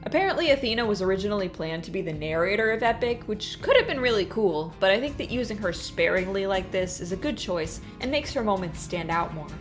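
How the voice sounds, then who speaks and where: A woman's voice: mid-range voice, animated, brisk, hardly any pauses, faint music behind. Wry woman nitpicking a review. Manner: opinionated, nitpicking, dryly humorous. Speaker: video essay host. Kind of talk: scripted review commentary.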